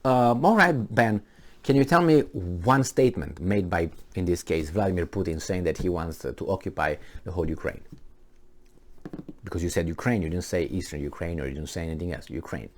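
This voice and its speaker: A man ranting in a solo commentary, sarcastic and mocking, asking rhetorical questions and often pausing with fillers. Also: sits low. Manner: halting, with frequent fillers and restarts. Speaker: political commentator.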